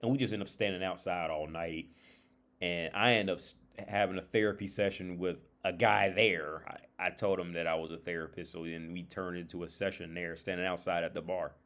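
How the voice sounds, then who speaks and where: A man's voice: low-pitched, fairly even intonation, normal speed, a bit bright. A man telling a story on a casual livestream, rambling with many restarts and filler words. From United States. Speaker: streamer and therapist.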